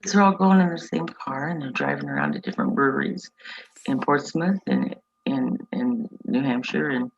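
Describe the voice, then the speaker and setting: A woman chats on a casual livestream. Her talk is animated and swoops widely in pitch, with a gravelly texture. The audio is dull and muffled, and a steady crowd murmur runs behind her. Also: moderate pace. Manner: chatty and animated, reads out chat comments. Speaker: co-host.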